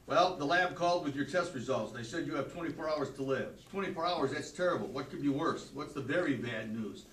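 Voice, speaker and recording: A man with a fairly high voice reads jokes aloud to his students, his delivery dry and matter-of-fact. He is picked up from across an echoey classroom by a distant camera, with faint room noise under him. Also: animated, a little fast, fairly bright tone. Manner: dry joke delivery, flares up scolding students. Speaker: teacher.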